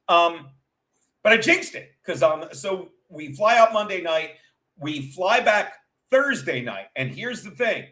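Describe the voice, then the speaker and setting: A man with a high-pitched voice hosts a casual livestream. He tells stories in a loose, tumbling way, full of profanity and self-interruptions. He keeps breaking off to talk to his viewers. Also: bright, forceful tone. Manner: chats with live viewers. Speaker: livestream show host. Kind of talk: rambling comic storytelling.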